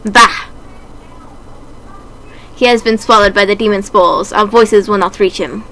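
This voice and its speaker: A woman's voice: medium pitch, steady tone, unhurried, fairly bright tone, rough recording. A woman voicing a grandiose, melodramatic young male character in a game, speaking in a theatrical, overwrought way.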